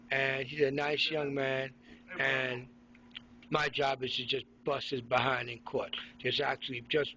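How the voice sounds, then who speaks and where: A man's voice: medium pitch, sharp tone, lo-fi sound. A middle-aged man from Haiti, ranting sarcastically and combatively into his phone in an indoor room. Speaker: vlogger. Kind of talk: ranting selfie monologue.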